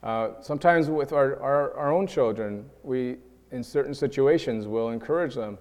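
A man's voice: mid-range voice, moderate pace. Man preaching in an echoing hall. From New York. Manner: animated, acts out quoted voices, repeats words when building a point. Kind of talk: sermon. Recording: long reverb of a large hall.

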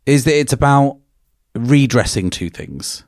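A man co-hosting a podcast, reading fan fiction aloud in a measured, expressive way, then discussing it animatedly. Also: mid-range voice, no echo, studio quality. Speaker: podcast co-host.

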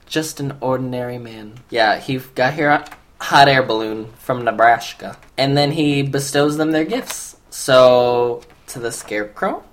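A woman co-hosting a podcast, recapping a film in casual chat with wry, joking commentary. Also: very deep voice. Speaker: podcast co-host.

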